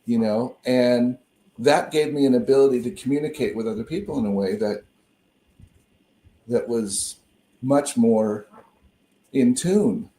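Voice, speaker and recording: A man talking over a video call in a roomy space with a mellow, dark tone. He rambles through personal stories, restarting phrases often. The sound is echoey. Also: medium pitch. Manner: rambling, self-interrupting storyteller. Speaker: co-host and minister. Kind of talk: casual conversation on a call.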